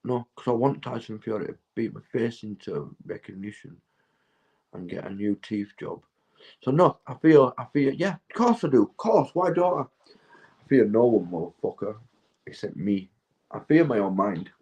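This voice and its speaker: A man's voice: mid-range voice, animated, normal speed, darkish tone, muffled recording. Rambling, swearing Northern English man. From England. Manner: meandering, swearing, laughing to himself. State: intoxicated. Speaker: livestreamer. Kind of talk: rambling casual chat to viewers.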